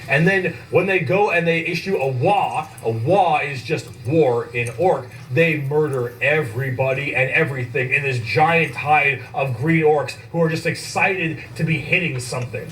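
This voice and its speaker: Male casual explainer with a slightly raised pitch. He is excitable and swears a lot, recorded a little off-mic. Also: far from the mic, slight background noise, low-quality recording. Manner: enthusiastic, swears casually, repeats himself for comic effect.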